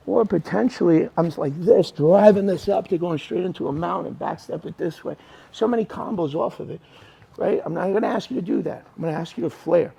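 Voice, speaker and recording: A man's voice: fairly high pitch, vocal fry, dark tone, slightly rough. A man teaching jiu-jitsu technique on the mat, coaching students and checking in with "right?" and "okay?", now and then acting out what a student would say. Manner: acts out students' lines in quick asides. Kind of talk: mat-side technique instruction.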